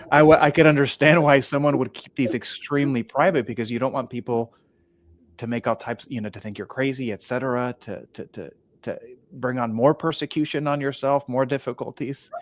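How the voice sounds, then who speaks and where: A male interviewer with a mid-range voice guides the conversation. He often stammers and restarts. He drops quick affirmations between the guest's answers. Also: medium pitch, steady tone. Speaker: host. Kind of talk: podcast interview.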